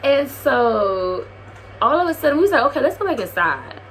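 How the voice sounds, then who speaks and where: A young woman vlogger telling a casual storytime tale, lively and slangy, acting out the quotes. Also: high voice, moderate pace, slight background noise.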